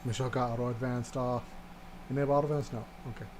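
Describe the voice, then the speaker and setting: A man's voice: mid-range voice, fairly even intonation, quick pace, background noise. A young man streaming a video game, playful and joking as he reads its text aloud and laughs at it. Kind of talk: let's play commentary, reading game text aloud.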